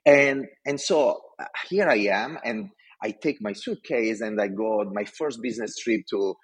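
Passionate man, husky voice. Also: lowish voice, normal speed. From Italy. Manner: passionate, animated. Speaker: design executive speaker. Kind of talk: storytelling talk.

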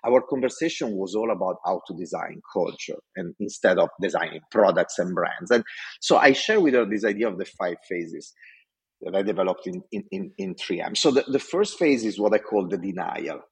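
A man from Italy, speaking with an Italian accent, animatedly and passionately relates a story about his career, acting out each line of dialogue. His voice is deep and husky, and he talks at a normal speed.

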